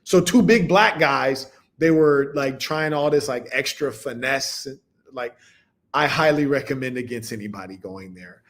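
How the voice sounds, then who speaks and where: A man hosting a podcast, speaking in a casual monologue to a live audience, with animated storytelling and laughing asides. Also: medium pitch, a little slow. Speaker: podcast host.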